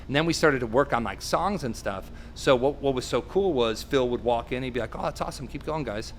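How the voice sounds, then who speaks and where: A man in his thirties casually telling stories in an interview, animated and often quoting others in acted voices. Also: mid-range voice, brisk, slight background noise. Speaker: guest musician.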